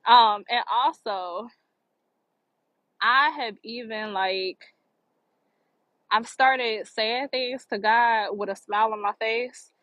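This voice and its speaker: A woman with a fairly high voice gives an earnest spiritual pep talk outdoors near the water. She repeats her key phrases for emphasis, and her voice comes across dry and close. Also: slow, pauses often, fairly bright tone, no echo, lo-fi sound. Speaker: motivational vlogger.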